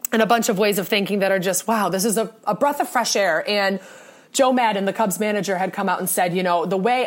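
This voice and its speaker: A young woman co-hosting a sports podcast, talking in an earnest, rambling way with many restarts. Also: medium pitch. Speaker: podcast co-host. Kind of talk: casual sports podcast talk.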